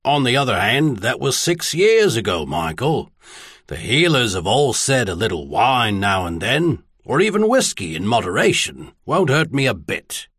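Casting: male narrator doing a dry-humored older spymaster, husky and lively in pitch, audiobook. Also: normal speed, dry recording. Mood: wry. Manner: wry, probing questions. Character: older male spymaster baron, wry and shrewd.

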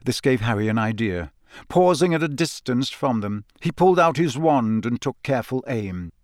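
A man narrates a story in a steady, measured way, his voice sitting in a comfortable middle pitch. The recording is close and completely dry, with no room sound around it. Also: no room sound. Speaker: audiobook narrator. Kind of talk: scripted narration.

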